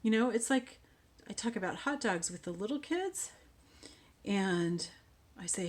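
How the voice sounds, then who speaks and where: A woman hosting a casual crafting tutorial, chatting and thinking aloud as she works, often dropping to quiet mutters. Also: mid-range voice, expressive, measured pace, long pauses.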